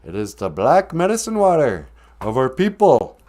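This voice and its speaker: Lively older man telling stories. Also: mid-range voice, normal speed. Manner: chatty, laughs often, lively storytelling. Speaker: host. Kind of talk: casual storytelling on a live stream.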